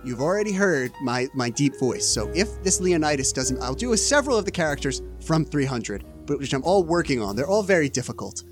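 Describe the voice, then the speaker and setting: Animated, joking podcast man. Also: a little high, music in the background. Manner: animated, joking, quick to laugh. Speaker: podcast co-host. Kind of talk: casual comedic chat.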